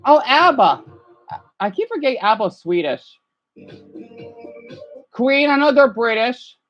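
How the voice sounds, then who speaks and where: A woman's voice: fairly high pitch, measured pace, dull audio, soft background music. A woman streamer chatting casually as she reacts to songs and talks to her viewers by name. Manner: excitable, talks to chat by name.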